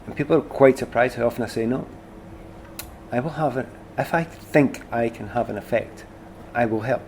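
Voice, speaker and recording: A middle-aged man with a Glasgow accent, chatting as an interview guest. He tells stories with animated, self-deprecating energy in a mid-pitched voice. A faint hiss sits under the talk. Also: normal speed. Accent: Glasgow Scottish. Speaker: guest, former footballer. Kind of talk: casual conversation.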